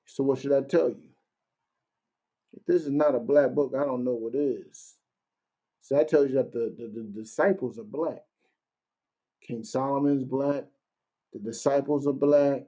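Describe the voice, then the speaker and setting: Man, mid-pitched, casual Bible class teacher, warm and dark tone. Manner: conversational, keeps asking "you know what I'm saying"; reads verses slowly and deliberately.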